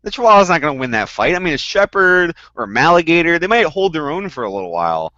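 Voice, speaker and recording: A man chatting casually as a podcast guest, telling stories animatedly and jumping up loud for the punchlines. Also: on the high side, very animated, fast talker, no room sound, lo-fi sound. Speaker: guest panelist.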